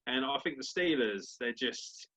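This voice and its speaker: A man co-hosting a casual sports podcast, swearing freely and bantering in an animated, crude way. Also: mid-range voice, unhurried. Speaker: podcast co-host. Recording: dull lo-fi podcast audio.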